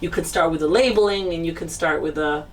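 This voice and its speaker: A woman's voice: sits low, a little fast. A woman host asking rambling, enthusiastic questions in a casual interview. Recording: distant mic with faint ambient noise.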